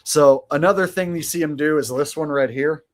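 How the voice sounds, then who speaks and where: A man with a fairly high-pitched voice speaks at normal speed. He hosts a live stream, where he chats sarcastically with viewers and rambles from topic to topic in casual commentary.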